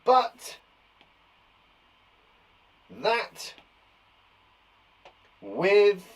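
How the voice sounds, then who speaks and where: A man teaching a spelling lesson to young children, jokey and encouraging. His fairly high voice swings widely in pitch. He speaks slowly and leaves room between words. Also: wildly swooping pitch. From England. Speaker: primary school teacher.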